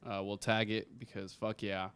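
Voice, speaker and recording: A young man co-hosting a casual podcast, talking in a laid-back way with plenty of ums and quick reactions. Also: lowish voice, flat delivery, fairly bright tone, clean tone, no room sound. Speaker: podcast co-host.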